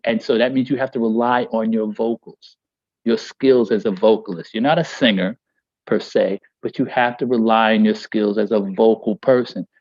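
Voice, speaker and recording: A man's voice: medium pitch, a little mellow, no echo, muffled recording. Emphatic man leading a poetry workshop. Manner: emphatic, rhythmic, keeps asking "all right?"; slows and stretches key phrases. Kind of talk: teaching a workshop.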